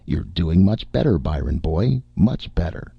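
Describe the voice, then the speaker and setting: Man voicing a calm storybook doctor, coaxing tone, lifting high, muffled lo-fi audio. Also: a little slow, vocal fry, slightly rough, no room sound, full character voice. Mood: soothing. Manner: gently coaxing, mournful. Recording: muffled lo-fi recording.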